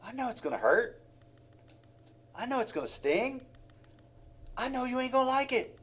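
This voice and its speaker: A man's voice: extremely high pitch, big pitch swings, moderate pace, a bit bright, breathy edge. A man preaching a sermon in a heartfelt way, with sighs and acted-out examples.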